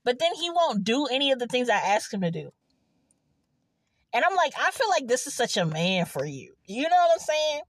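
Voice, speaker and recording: A woman's voice: high voice, sing-song, normal speed, no room sound, clean studio sound. A young woman vlogging casually from a car in an empty parking lot, rambling and laughing as she tells a story. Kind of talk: casual confessional vlog.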